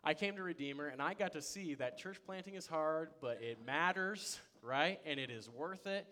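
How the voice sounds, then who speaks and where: A young adult man preaching a sermon as a pastor, telling stories with energy and swinging between loud excitement and quiet. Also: on the high side, normal speed. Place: church sanctuary.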